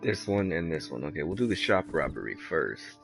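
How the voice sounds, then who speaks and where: A man's voice: a bass voice, very animated, fairly quick, creaky, over music. A man giving casual, rambling gameplay commentary, laid-back and swearing freely. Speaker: gamer.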